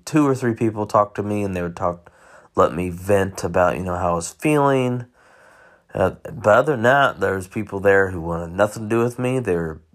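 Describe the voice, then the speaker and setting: Male podcast host, deep voice, loose unscripted solo chat full of false starts. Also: fairly bright tone. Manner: rambling, many restarts and self-corrections. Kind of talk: casual solo monologue.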